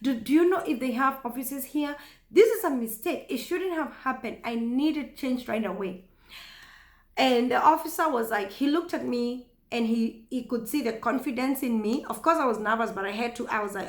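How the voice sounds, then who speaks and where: A woman with a Kenyan accent telling a story casually to camera, chatty and animated, often laughing. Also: fairly high pitch, moderate pace. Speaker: vlogger. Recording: echoey room.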